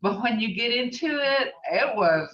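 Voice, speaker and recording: A woman's voice: a little high, expressive, moderate pace, a bit bright. An older woman teaching a casual language class, rambling a little and often asking "okay?" to check that her students follow. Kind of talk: informal online language class. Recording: echoey, distant, dull lo-fi audio.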